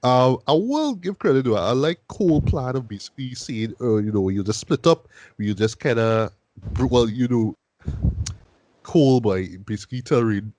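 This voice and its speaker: A man's voice: mid-range voice, expressive, normal speed, darkish tone, slight background noise. A man hosting a casual film review chat, talking loosely and often tagging his sentences with "boy". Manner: loose and conversational, repeats "boy" as a tag. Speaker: podcast host.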